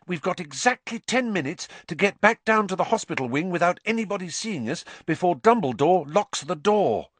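Guy doing a high anxious schoolgirl, fretting and pushing, dry close sound. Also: animated, normal speed, few pauses, fairly bright tone, no room sound. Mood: urgent. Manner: urgent, fretful. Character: anxious clever teenage schoolgirl.

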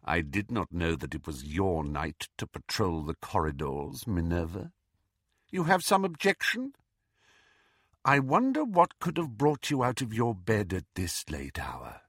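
A man voicing a cold, sly male professor, speaking slowly, quietly and low. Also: very animated, slightly rough, no echo, studio quality, full character voice. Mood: coldly menacing. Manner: slow, quiet, low and silky.

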